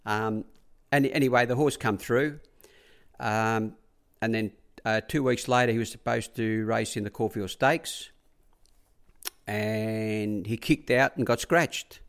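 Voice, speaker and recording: A low-pitched Australian man tells long stories in an easy, conversational way. He rambles and often repeats "I said" and "he said" as he sets up each scene. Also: steady tone, takes it slowly, clear, resonant tone. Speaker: racehorse track rider. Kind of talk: casual anecdotal storytelling.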